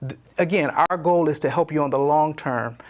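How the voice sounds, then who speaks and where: A man briefing flood victims on disaster loans in a voice a little higher than usual. He talks with frequent fillers and restarts and keeps circling back to stress key points. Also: moderate pace. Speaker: disaster loan representative. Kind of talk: informational briefing.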